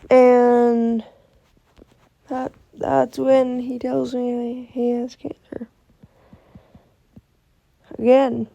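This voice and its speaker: Slow, gravelly young woman. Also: a little high, monotone, mellow, highs cut off. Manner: emotional, rambling with restarts and quoted dialogue. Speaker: vlogger. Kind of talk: personal storytime.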